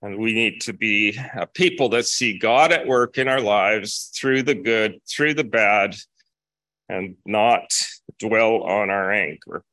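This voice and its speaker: A man delivers a sermon in a lowish, forceful voice, steady and deliberate, returning again and again to his key phrases. The sound is close and dry, with no room around it. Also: dry recording. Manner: measured, repeats key phrases for emphasis. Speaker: preacher.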